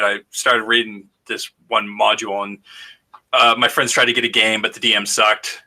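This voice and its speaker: A man with a lowish voice speaks at a normal pace while co-hosting a podcast. He tells stories in relaxed conversation, animatedly acting out the voices of the people he quotes.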